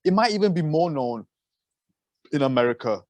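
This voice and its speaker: A man co-hosting a podcast in casual chat, animated and slangy, swearing casually. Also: on the high side, moderate pace, dry recording, muffled recording. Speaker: podcast co-host.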